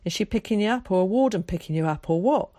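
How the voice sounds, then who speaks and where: A woman voicing a weary, gruff but kindly middle-aged male ticket man who asks questions. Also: mid-range voice, expressive, fast talker, mellow, dry recording, studio quality, natural voice.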